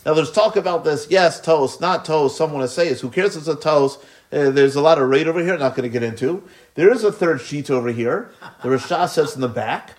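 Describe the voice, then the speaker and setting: A man teaching a Talmud lesson, sprinkling in Hebrew study terms and rising in pitch as he poses questions. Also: fairly quick. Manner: animated, rising pitch when posing questions.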